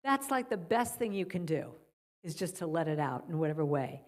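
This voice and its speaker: A middle-aged woman speaking as a guest at a church service, softly guiding listeners and telling stories. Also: low voice, big pitch swings, fairly quick. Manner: gentle, guiding a breathing exercise then storytelling. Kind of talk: spiritual talk at a church service. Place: church sanctuary.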